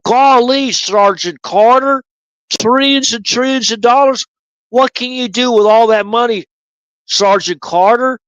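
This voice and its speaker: A man's voice: very high voice, fairly bright tone, smooth, no room sound, muffled recording, pitched above the performer's own voice. A man putting on a naive, good-natured young country boy Marine who wonders aloud. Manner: wide-eyed, wondering, "golly".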